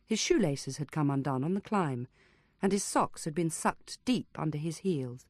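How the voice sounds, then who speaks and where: A woman with a notably low voice narrating an audiobook in a measured, even way. The read is close to the mic and completely dry. Her delivery stays steady through long descriptive passages. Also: no room sound. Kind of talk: scripted narration.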